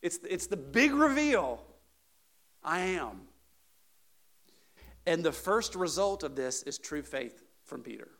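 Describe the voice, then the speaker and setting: A man's voice: on the high side, slow, creaky, pauses often. A man preaching a conversational sermon as a pastor, telling stories animatedly and checking in with the congregation with "right?" and "okay?". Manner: chatty, peppers points with "right?" and "okay?"; animated storyteller, builds to emphatic peaks.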